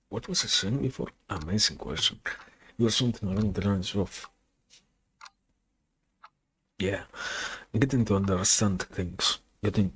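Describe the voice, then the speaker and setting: A man's voice: lowish voice, fairly bright tone, husky, low-quality recording. A young man streaming as a VTuber, musing aloud about philosophy in a rambling way and losing his thread. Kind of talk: casual philosophical livestream chat.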